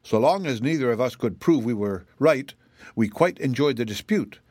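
A man's voice: medium pitch, expressive, normal speed, darkish tone, no room sound, lightly acted. A man voicing a proud, pompous male zebra in a storybook reading, with a formal and indignant way of speaking. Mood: cross. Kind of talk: audiobook reading.

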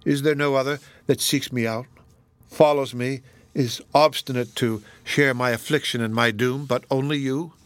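A man reading a storybook who voices a troubled young woman, speaking low and intensely. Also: steady tone, moderate pace, no room sound, lightly acted. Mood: brooding.

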